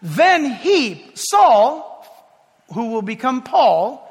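A man preaching as a pastor, animated, moving from hushed tones to loud calls. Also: very high-pitched, slow pace, husky. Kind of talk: sermon. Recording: long reverb of a large hall.

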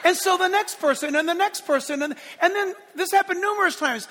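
A man preaching from the pulpit with a very high, bright, forceful voice. He hammers his points home, then drops to hushed asides. His words ring out with the long reverb of a church sanctuary. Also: a little fast, hardly any pauses. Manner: emphatic preaching, swinging between loud declarations and hushed asides. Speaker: pastor. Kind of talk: sermon.

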